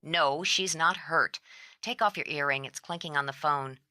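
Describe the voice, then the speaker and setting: A sleepless, strung-out woman, voiced by a female narrator, speaks low with a tight, edgy tone. She is blunt and clipped, worn down but still sharp. The audiobook sound is dry and close. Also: normal speed, no echo. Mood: weary. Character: exhausted sharp-tongued woman on the phone.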